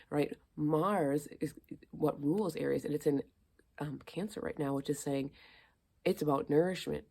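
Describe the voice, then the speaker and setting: Low gravelly-voiced woman astrologer. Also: warm tone. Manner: chatty, many fillers and rhetorical questions. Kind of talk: casual astrology talk. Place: indoors among plants.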